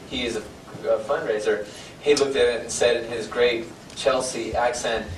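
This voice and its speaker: A man giving a self-deprecating, informal talk as a guest speaker, full of fillers and restarts. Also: mid-range voice. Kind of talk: informal lecture. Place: lecture hall. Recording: echoey hall from far off, noisy.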